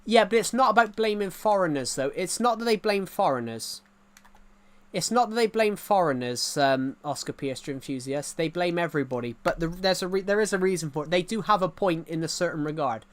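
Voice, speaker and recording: Halting rural English streamer. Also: medium pitch, animated. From England. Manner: halting, many restarts and repeated phrases. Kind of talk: livestream chat answering viewer comments.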